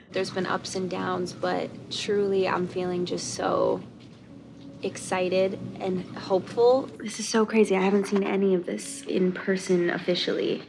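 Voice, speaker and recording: A woman's voice: lowish voice, level tone, unhurried, creaky, music in the background. Heartfelt young woman vlogging. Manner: heartfelt and openly emotional. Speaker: brand founder. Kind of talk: casual vlog narration.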